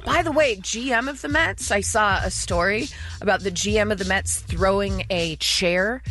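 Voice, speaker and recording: A woman's voice: mid-range voice, moderate pace, faint music behind. A woman co-hosting a radio show, telling stories in casual, playful banter. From Southern California. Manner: chatty storyteller, lively and playful. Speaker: radio co-host.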